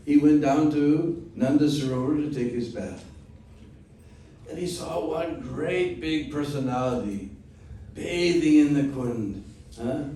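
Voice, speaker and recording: Brief: male spiritual teacher, mellow voice, storytelling class, echoey room from far off. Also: medium pitch, slight background noise. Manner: unhurried, with frequent "hmm?" check-ins.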